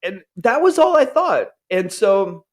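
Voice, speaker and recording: Animated man telling a candid personal story. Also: unhurried. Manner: earnest, animated, acts out upbeat self-talk in a higher voice.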